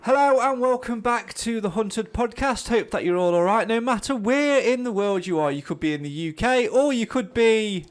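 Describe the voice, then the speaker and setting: A man's voice: high-pitched, normal speed, hardly any pauses. A man co-hosting a podcast, tired from illness and chatting in a rambling, self-deprecating way. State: tired, getting over an illness. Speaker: podcast co-host. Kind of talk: casual podcast chat.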